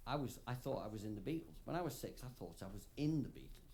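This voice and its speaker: A man's voice: medium pitch, big pitch swings, quick pace, darkish tone, slight background noise. A drunk man rambling through a profane story on a concert stage between songs, laughing between phrases, into a stage microphone. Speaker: singer-songwriter performing live. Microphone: stage vocal mic, soundboard feed.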